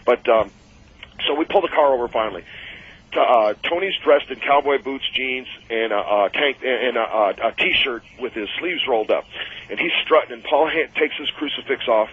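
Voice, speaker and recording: A man telling wrestling-road anecdotes on a radio call-in show, animated and acting out the voices of the people in his stories. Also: medium pitch, moderate pace, husky. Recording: dull lo-fi radio audio.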